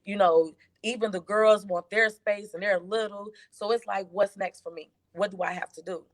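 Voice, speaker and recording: A woman from Chicago, a life coach, telling her story as an interview guest, lively and emotional as she acts out the voices of others. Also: medium pitch, moderate pace, dry recording. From west side of Chicago. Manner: animated, emotional storytelling with acted quotes.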